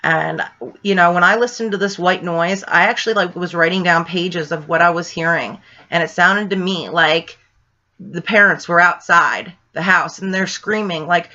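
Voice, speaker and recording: Woman, ghost hunter, casual vlog storytelling, rambling and excitable, sharp tense voice, muffled lo-fi recording. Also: lowish voice, moderate pace. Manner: rambling, excitable, many fillers. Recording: dull lo-fi sound.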